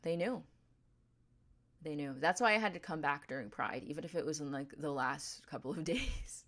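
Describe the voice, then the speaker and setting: Low-voiced streamer woman, dramatic and chatty. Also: normal speed, a bit bright. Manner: dramatic mock outrage, chatty with viewers. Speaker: game streamer. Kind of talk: casual livestream chat.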